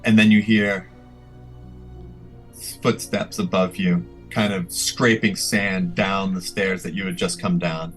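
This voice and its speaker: A man's voice: low-pitched, fairly even intonation, slow pace, soft background music. A man narrating as game master in a tabletop game, loose and full of fillers.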